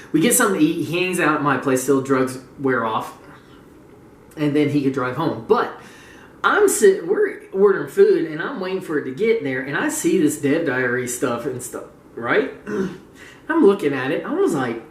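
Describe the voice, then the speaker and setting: A man's voice: on the high side, sing-song, moderate pace, recorded from a distance. A man ranting casually to his gaming community as a vlogger, gleeful and mocking, laughing often and swearing freely. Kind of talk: casual profane rant. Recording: roomy, voice away from the mic.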